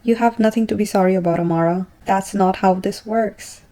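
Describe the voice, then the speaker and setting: A man's voice: sits high, steady tone, brisk, mellow, lightly acted, low-quality recording. A woman reading out a brooding intense young man. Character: intense brooding young male love interest.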